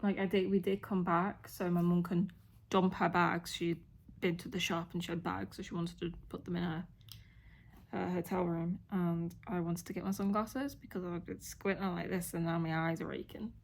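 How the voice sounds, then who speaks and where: A woman's voice: lowish voice, flat delivery, normal speed, gravelly. A woman vlogging from a hotel room, rambling chattily with plenty of fillers. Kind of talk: casual chat to camera.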